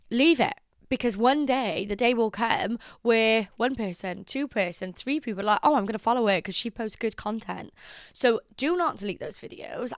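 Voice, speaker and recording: A young woman giving chatty, animated social media advice in a casual vlog. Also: medium pitch, clear, resonant tone, dry recording, studio quality. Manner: chatty and animated, acts out quotes.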